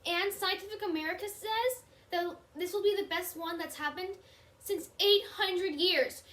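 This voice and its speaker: A teenage girl with a very high, bright voice reads a school news item. She sounds chatty and eager. The recording is echoey, as if made in a bare room. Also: unhurried. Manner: chatty, enthusiastic. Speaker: student news presenter. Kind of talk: read news segment.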